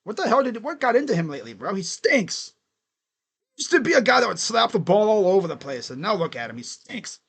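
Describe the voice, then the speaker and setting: A man's voice: high voice, big pitch swings, a little fast, a bit bright, slightly rough. A young man doing casual live play-by-play of a baseball game, chatty and given to chanting and laughing. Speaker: live reaction play-by-play host.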